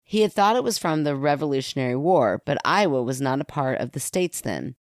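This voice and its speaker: A woman's voice: rumbling low, lively intonation, a little fast, no echo, clean studio sound. A woman co-hosting a casual podcast, reading listener stories aloud and teasing her co-host with a playful, laughing manner.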